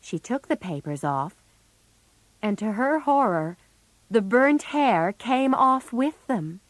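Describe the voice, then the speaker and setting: A woman narrating a story for English learners, slowly and with clear enunciation. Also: on the high side, very animated, dry recording.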